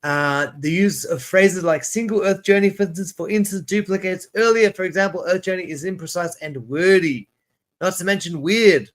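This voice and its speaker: Chatty man teaching English, slightly high voice. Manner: chatty, rambling, restarts and repeats words; drawn-out word drills. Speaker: ESL teacher. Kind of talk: casual livestream lesson.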